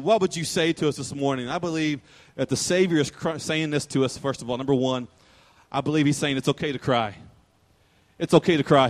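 A man preaching a sermon as pastor, emotional and rising to fervent preaching. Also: a little high.

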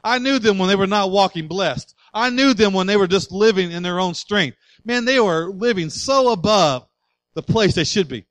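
Male pastor, passionate sermon delivery, slightly high-pitched, builds to loud declarations. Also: lively intonation, normal speed, no echo, low-quality recording.

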